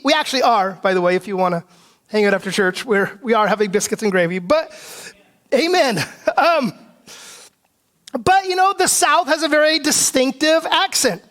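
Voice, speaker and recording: A male pastor from the Pacific Northwest preaching a conversational sermon. He often asks "right?" and now and then clears his throat. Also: very high voice, fairly bright tone. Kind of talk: expository sermon. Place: church sanctuary.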